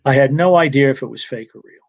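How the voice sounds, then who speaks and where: A retired wrestling referee tells rambling stories from his career over a remote call, restarting sentences and chuckling along in a casual storytelling interview. He has a medium-pitched, creaky voice and talks fast, with lo-fi sound.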